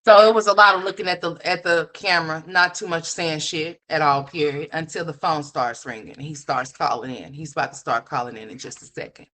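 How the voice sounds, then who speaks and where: A woman's voice: sits low, steady tone, fairly quick, hardly any pauses, bright, forceful tone. A woman doing casual live commentary as a streamer, blunt and profane, scolding the person she is reacting to. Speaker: livestream commentator. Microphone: streaming mic.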